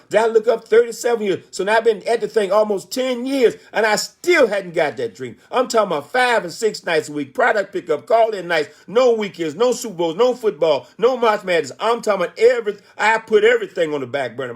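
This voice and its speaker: A motivational speaker in his sixties tells his story, leaning on emphatic rhetorical questions. He has a high voice with lively intonation and speaks fairly quickly with few pauses.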